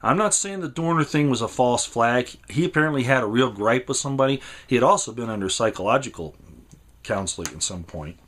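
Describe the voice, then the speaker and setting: A man giving an impassioned monologue, emphatic and rambling, repeating words and swinging between raised and lowered delivery. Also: animated, a little fast, a bit bright. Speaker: commentator.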